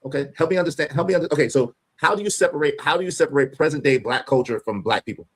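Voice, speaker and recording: A man hosting a live-stream debate, measured but persistent, repeating phrases to press his argument. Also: a little high.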